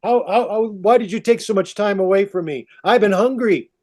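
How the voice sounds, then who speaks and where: Eve, the first woman, fed up and complaining, man doing her, fairly high voice. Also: normal speed, a little mellow.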